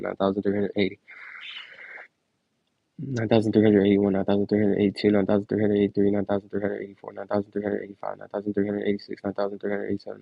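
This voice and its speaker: A man's voice: lowish voice, gravelly, dry recording, muffled recording. A young man streaming, counting aloud and chatting to viewers in a laid-back way, saying "like" a lot, recorded on earbuds.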